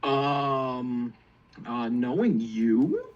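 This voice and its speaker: A man's voice: mid-range voice, lively intonation, drawn-out words, dull audio. A man joking around as a co-host, swearing freely. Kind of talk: casual chat.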